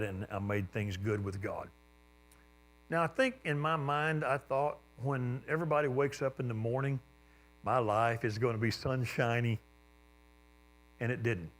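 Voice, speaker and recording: Man, preacher, storytelling sermon, animated, voice leaps up and falls hushed, mid-range pitch. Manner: animated storyteller, voice jumping up with excitement then dropping low.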